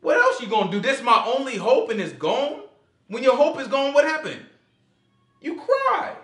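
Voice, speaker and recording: Animated high-voiced man teaching scripture. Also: brisk, faint music behind. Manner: animated, acts out scenes in quoted voices. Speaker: teacher leading a Bible study. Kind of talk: informal Bible teaching. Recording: echoey room.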